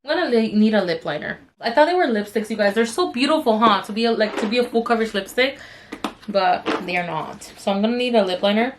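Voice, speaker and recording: A woman's voice: a little high, lively intonation, fast talker, noisy background. A young adult woman vlogger telling a story in a chatty, rambling way with many fillers while doing her makeup. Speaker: beauty vlogger.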